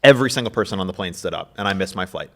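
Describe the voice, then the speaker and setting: A man's voice: sits low, racing. A man co-hosting a podcast, ranting with emphasis about annoying habits. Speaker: podcast co-host. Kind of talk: casual chat.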